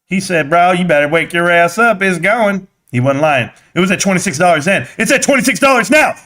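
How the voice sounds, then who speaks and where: A young man hosting a live stream, talking excitedly, reading chat and yelling at times, sweaty and winded. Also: high-pitched, fairly quick. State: sweating in a helmet. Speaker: livestream host.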